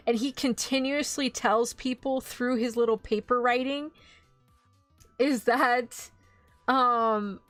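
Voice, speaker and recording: A higher-pitched woman chats animatedly about anime into a close streaming mic, laughing often and swearing when she gets indignant. The sound is very dry, with soft music under her voice. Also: no echo. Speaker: VTuber host. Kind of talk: casual anime recap.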